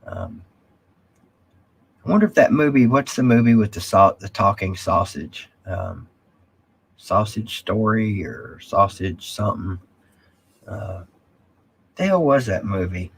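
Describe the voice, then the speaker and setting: Husky rambling live stream host. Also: male voice, on the low side, lively intonation, a little slow, long pauses. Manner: rambling, drawling, reads viewer comments aloud. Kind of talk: casual live stream chat.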